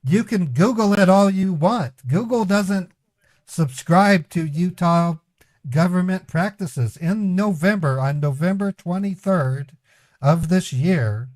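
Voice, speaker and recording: A man's voice: high-pitched, slow pace, darkish tone, no echo. Stammering, pleading man on a prank call. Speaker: scambaiting streamer. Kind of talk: prank call role-play.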